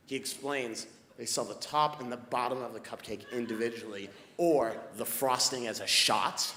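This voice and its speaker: A stand-up comedian telling a story, his exasperation building as he goes. His voice echoes around a long, reverberant hall, with clear noise underneath. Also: mid-range voice, normal speed. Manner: building exasperation, animated delivery.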